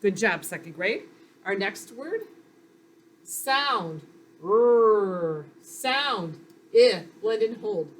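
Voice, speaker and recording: Slow, patient woman teaching phonics. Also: mid-range voice, animated. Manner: slow, patient and encouraging, sounding out letters. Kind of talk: phonics lesson for young children.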